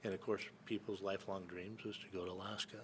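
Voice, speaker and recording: A quick-talking man with a low, fairly bright voice and level tone tells rambling stories during a podcast interview, with slight background noise present. He's an entrepreneur and hunting guide from Northern California, and his speech has many fillers and restarts.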